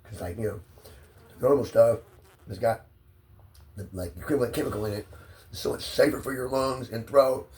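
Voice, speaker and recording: A man's voice: mid-range voice, moderate pace, long pauses, darkish tone, recorded from a distance. A stressed man rambling profanely into his phone, drifting from one idea to the next. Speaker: vlogger.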